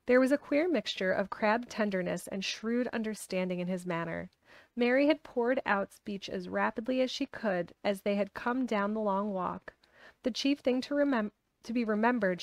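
A woman reading a classic children's novel aloud in a steady, expressive way. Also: mid-range voice, moderate pace, no room sound. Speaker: audiobook reader. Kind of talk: storybook reading.

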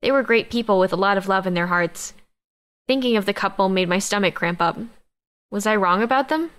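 A woman reads first-person narration in a mid-range voice. Her delivery stays even and measured throughout. It sounds like a scripted audiobook narration. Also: mid-range voice, clear, resonant tone.

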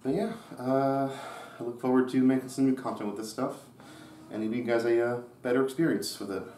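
A man's voice: mid-range voice, steady tone, brisk, warm tone. A man in the middle of his range, cracking jokes and grumbling over the top while unpacking. He swears without a thought. The room rings with echo, and faint noise sits underneath. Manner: joking, swears casually, exaggerated complaints. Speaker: co-host unboxing a computer. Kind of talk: casual chat.

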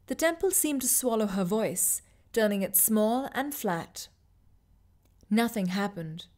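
A woman narrating a short story in a measured, expressive reading. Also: mid-range voice. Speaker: reader. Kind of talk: scripted narration.

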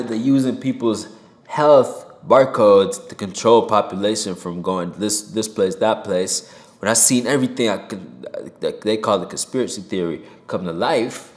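A rapper giving a heated opinion monologue to camera from a home desk mic, swearing and jumping loud and high for emphasis. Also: male voice, roomy sound. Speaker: rapper and commentator. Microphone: desk mic with pop filter.

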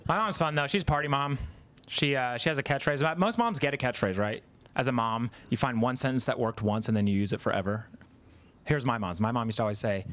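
A man's voice: medium pitch, expressive, brisk, a bit bright. Rambling stand-up comedian, man. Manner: conversational, self-deprecating, frequent fillers. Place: live comedy stage, in front of an audience.

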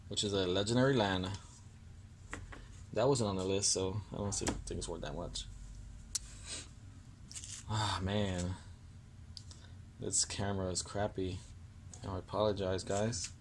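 A man's voice: low voice, steady tone, noisy background. Annoyed young man opening card packs. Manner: annoyed, apologetic, reads card names haltingly. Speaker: card-opening video host. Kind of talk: casual pack-opening vlog.

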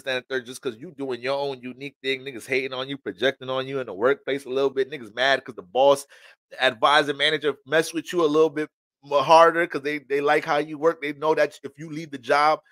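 A man's voice: medium pitch, level tone, fast, fairly bright tone, no room sound. A man giving a casual astrology reading. He talks in a slangy, rambling, joking way.

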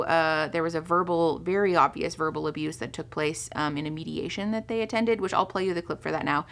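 A woman's voice: low-pitched, vocal fry, fairly bright tone. A young woman therapist talking casually to camera, full of "um" and "like" fillers and the odd swear word. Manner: conversational, many fillers like "um" and "like", occasional swearing. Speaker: therapist and video host. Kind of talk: casual commentary, reading book passages aloud.

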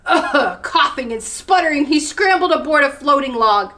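Bright, lively woman reading aloud. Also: sits high, normal speed. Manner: animated, expressive. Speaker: children's librarian. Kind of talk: children's story time reading.

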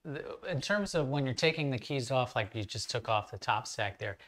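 A man's voice: mid-range voice, animated, normal speed, fairly bright tone. A man co-hosts a live how-to stream and questions the technician. He sounds friendly and curious and often brings in what viewers are saying. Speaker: co-host asking questions.

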